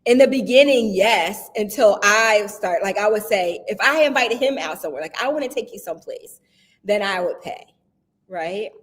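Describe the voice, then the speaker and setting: A woman's voice: mid-range voice, lively intonation, normal speed. A woman guest in casual conversation who tells stories with energy, acts out what people said, and laughs often. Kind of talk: casual chat.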